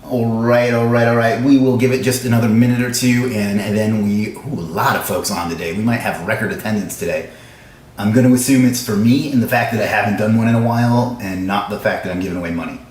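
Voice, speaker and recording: A man hosting a live stream, chatting casually with viewers in a fast, joking, self-mocking way, in a room with echo. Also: fairly low pitch, a little mellow. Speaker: livestream host. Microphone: livestream camera setup. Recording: echoey room sound.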